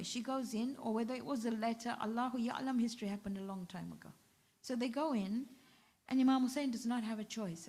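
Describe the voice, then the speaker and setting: A woman with a British accent delivers a majlis sermon in a fairly high voice. She tells the story with feeling and acts out each quoted line of dialogue. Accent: British English. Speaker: zakira. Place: ladies' majlis hall.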